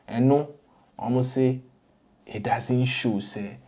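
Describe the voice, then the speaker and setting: A man with a Ghanaian accent hosts a casual entertainment gossip show. He talks in a chatty, code-switching way full of animated asides. His voice sits at an average pitch. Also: takes it slowly. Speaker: entertainment news host. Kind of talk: casual gossip commentary mixing English and Twi.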